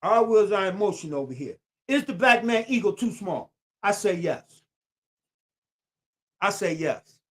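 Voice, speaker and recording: On a casual live stream, a male host speaks in a high, fairly bright voice with lively intonation, a measured pace and frequent pauses. He hammers his points home with preacher-like repetition, addressing viewers directly and greeting them by name.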